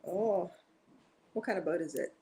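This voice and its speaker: A woman playing in a tabletop game, speaking softly in character. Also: lowish voice, moderate pace.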